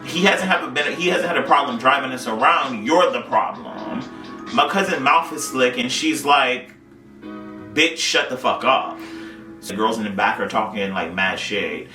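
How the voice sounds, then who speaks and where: A man's voice: medium pitch, animated, moderate pace. A man co-hosting a casual podcast, telling a wild night-out story in slang, swearing freely. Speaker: podcast co-host. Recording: roomy sound, mic at a distance, faint music.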